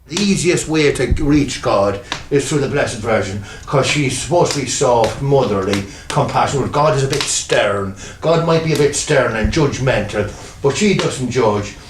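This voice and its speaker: A man's voice: mid-range voice, noisy background. An older man with a rural Irish accent, a farmer talking casually in a rambling, folksy storytelling way at home. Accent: Irish, rural Meath. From Ireland. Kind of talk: casual documentary talk. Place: farmhouse, indoors.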